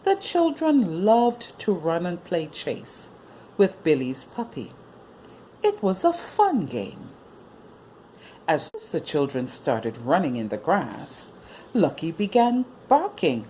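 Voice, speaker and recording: Slow, sing-song woman reading a children's story. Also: on the low side, wildly swooping pitch, warm tone, a little hiss or hum.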